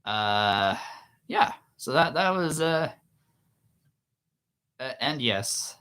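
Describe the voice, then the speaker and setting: A man, an author, telling a story in a casual, animated way with laughs. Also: mid-range voice, extremely slow, clean tone. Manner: animated, with many restarts and laughs. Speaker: author and vlogger.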